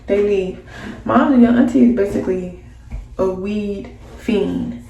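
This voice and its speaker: A woman tells a story in a loose, slangy way, jumping into the voices of the people in it. Her voice is gravelly and mellow. She sits back from the mic in an echoey room with a faint hum behind her. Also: medium pitch, a little slow, recorded from a distance, lo-fi sound. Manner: animated, slangy, acts out voices. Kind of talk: casual storytime monologue.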